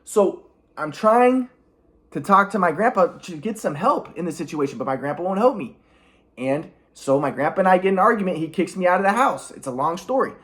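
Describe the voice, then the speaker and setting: A man telling a long personal story in a rambling monologue, halting often with restarts and repeated words and clearing his throat. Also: high-pitched, expressive, a bit bright. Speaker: vlogger.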